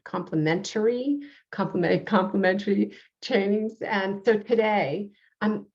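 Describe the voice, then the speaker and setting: A woman's voice: medium pitch, unhurried, a little mellow, highs cut off. A woman with a New York accent hosting an interview show, earnest and full of uhs and restarts. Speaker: show host, reverend.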